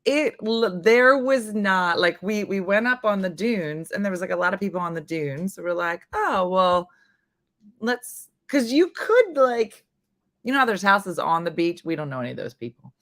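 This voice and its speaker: A woman from New Jersey with a Jersey accent hosts a casual live morning stream. Her voice is a bit hoarse, and she rambles chattily and laughs at herself. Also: mid-range voice, lively intonation, moderate pace, fairly bright tone, no room sound. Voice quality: slightly hoarse, husky. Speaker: morning show host.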